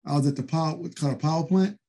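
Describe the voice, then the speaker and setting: A man's voice: fairly high pitch, very fast, gravelly, mellow. A man, a former wrestler, telling stories casually in an interview, rambling with many fillers.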